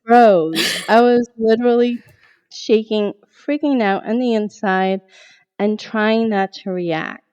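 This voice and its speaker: A middle-aged woman, a therapist guest on a podcast, telling a personal story in an animated way and acting out her own past thoughts. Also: fairly high pitch, slow pace, smooth.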